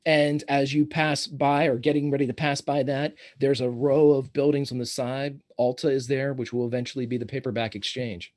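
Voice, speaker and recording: A man's voice: mid-range voice, level tone, darkish tone. A man narrating scenes and calling for dice rolls as game master of a tabletop game. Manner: descriptive, unhurried, calls for rolls.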